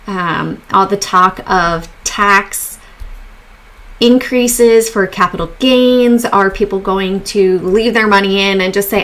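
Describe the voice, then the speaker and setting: A woman's voice: medium pitch, slow, fairly bright tone. Chatty upbeat woman hosting a livestream. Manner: chatty and upbeat, greets viewers in chat. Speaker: stock market livestream host. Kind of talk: casual market commentary livestream.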